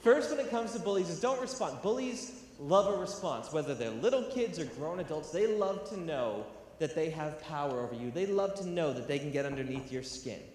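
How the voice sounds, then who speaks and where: The young educational theatre speaker from California talks briskly and with few pauses, his voice on the high side, slightly mellow, and lively in intonation. He's giving an earnest, emphatic public talk at a big university hall, with a little self-mockery. It's recorded from afar, with echo and faint noise.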